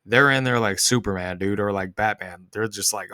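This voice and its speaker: Laid-back low-voiced man. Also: normal speed, bright, forceful tone, smooth, dry recording, clean studio sound. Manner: laid-back, slangy, uses "dude" and sarcastic asides. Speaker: host. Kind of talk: casual market commentary over charts.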